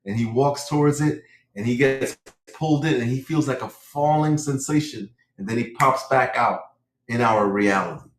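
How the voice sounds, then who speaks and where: Brief: animated male storyteller, mid-pitched, roomy echo on the mic. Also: normal speed. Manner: animated storyteller, says "right?" often. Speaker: livestream participant. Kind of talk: casual live chat. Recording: echoey room.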